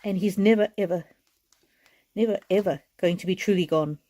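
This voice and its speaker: A woman giving a live oracle card reading, speaking earnestly and reassuringly, with soft laughs now and then. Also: mid-range voice, normal speed.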